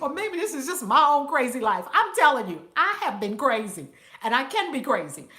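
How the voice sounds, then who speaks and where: A woman's voice: a little high, bright, forceful tone. A woman hosting a live stream as a spiritual teacher, talking casually and with animation, laughing often and calling out viewers by name.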